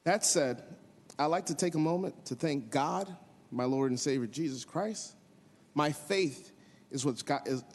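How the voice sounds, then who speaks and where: A city commissioner giving an earnest acceptance speech at a swearing-in ceremony, halting now and then with fillers and restarts. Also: male voice, fairly high pitch, a little mellow, in a large hall. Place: city hall chamber.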